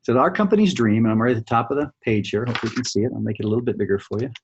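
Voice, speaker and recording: Over a shared screen, a man runs a sales training, coaching casually and thinking aloud with fillers while repeatedly checking in with "right?" and "okay?". He speaks very fast in a mid-range voice; the audio is dull with slight background noise.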